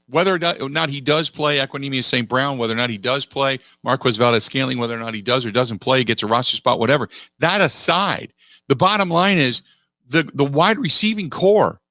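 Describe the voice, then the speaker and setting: A middle-aged man hosting a sports talk radio show, making his case in an animated, emphatic way and repeating phrases for weight. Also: a little high, no echo, clean studio sound. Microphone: studio microphone.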